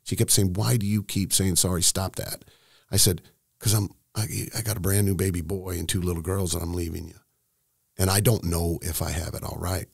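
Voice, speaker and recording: A middle-aged man with a very low, gravelly voice. He talks candidly and emotionally, stopping and restarting often, and the recording is dry and close. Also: fairly even intonation, dry recording. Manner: emotional, halting, many restarts. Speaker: estate planning seminar host, guest. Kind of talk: candid storytelling in conversation.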